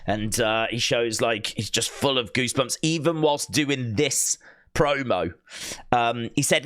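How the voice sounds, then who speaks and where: A man hosting a wrestling news channel, recapping and paraphrasing quotes in an excited, casual way with plenty of fillers. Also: mid-range voice, a little slow, clean tone, no echo, clean studio sound.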